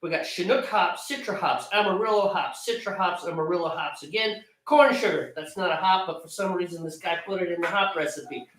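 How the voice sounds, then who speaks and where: A man with a bright, high, very animated voice runs through his home brew recipe with exasperated, joking asides. He sounds far from the mic in an echoey room. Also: fairly quick, few pauses. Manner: animated, exasperated, self-mocking. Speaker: homebrewer co-host of a live stream. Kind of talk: casual ranting chat. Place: home brewing area, computer far away.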